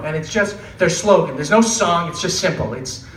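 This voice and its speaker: A man doing a stand-up comedy set in a club, sarcastic and animated, laughing and swearing as he talks. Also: high voice, moderate pace. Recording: roomy club sound from a distant mic, with noise.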